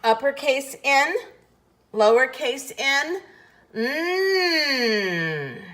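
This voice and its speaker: A woman with a fairly high voice leads a phonics lesson at a very slow, deliberate pace. She over-enunciates each letter sound patiently and pauses often for the listener to repeat. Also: expressive, a bit bright. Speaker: phonics teacher.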